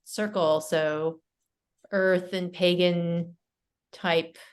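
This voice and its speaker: Woman, slightly low voice, friendly group organizer giving event details. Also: fairly even intonation, extremely slow. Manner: helpful, informative, with light fillers. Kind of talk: casual group announcements.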